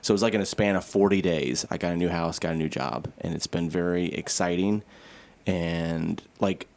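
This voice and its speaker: A man's voice: low voice, normal speed, creaky, a little mellow. A young man from co-hosting a podcast, chatting casually, laughing often and poking fun at himself. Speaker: podcast co-host. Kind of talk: casual chat.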